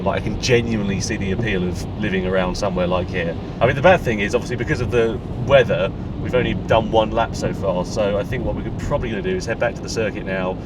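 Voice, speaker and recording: A man's voice: fairly low pitch, recorded from a distance. A British man hosting a car vlog in casual, opinionated, blokey chat. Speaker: motoring vlogger host. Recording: background noise outdoors.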